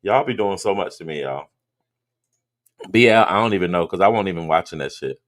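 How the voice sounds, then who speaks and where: A man's voice: low voice, animated, brisk. A man reacting on his livestream in blunt, profane casual commentary, reading out viewer comments. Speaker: streamer reacting to a live stream.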